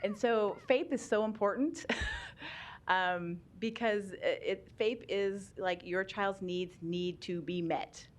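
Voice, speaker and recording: A woman's voice: medium pitch, very animated, takes it slowly. A woman giving a chatty talk on special education law at a public meeting, laughing often and using many ums.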